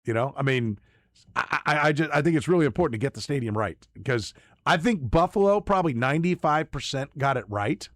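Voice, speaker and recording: A man's voice: mid-range voice, expressive, a little fast, no echo, studio quality. A man hosting sports talk radio, giving emphatic opinions and often repeating words as he starts a point. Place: radio studio. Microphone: studio microphone.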